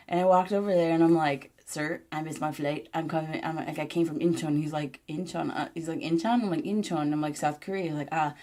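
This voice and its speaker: Profane rambling young woman, lowish voice. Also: darkish tone. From Michigan, US. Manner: frustrated, profane, rambling with many "like"s. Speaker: vlogger. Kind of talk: casual storytime vlog.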